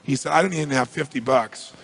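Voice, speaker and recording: A man speaking quickly with a gravelly edge, telling a long story from the stage. His delivery is brisk and driven. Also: medium pitch, a bit bright. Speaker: motivational speaker. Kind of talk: storytelling talk to an audience.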